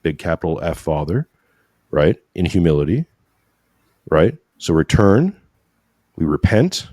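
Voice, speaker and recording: Deep-voiced man talking earnestly about faith. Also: very animated, a little slow, warm tone, no room sound, clean studio sound. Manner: earnest, preachy, repeats "right?" often; emotional at times. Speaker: podcast guest. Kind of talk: conversational religious discussion.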